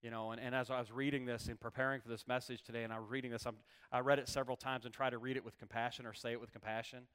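Clear, bright-voiced male pastor preaching. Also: medium pitch, level tone, very fast, few pauses. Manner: reads scripture, then preaches with rising intensity and repetition. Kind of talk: sermon.

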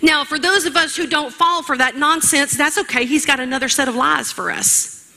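A woman's voice: high-pitched, normal speed, pushed and bright. A woman preaching a sermon in an emphatic, rhetorical way, speaking straight to her listeners.

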